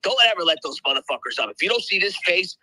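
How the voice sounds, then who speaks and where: A man's voice: sits high, expressive, fast, bright, forceful tone, dry recording, low-quality recording. A tired, half-asleep man who swears constantly and brashly hypes his crypto coin in a live audio chat. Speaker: crypto project promoter. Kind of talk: loud profane hype on a live audio room.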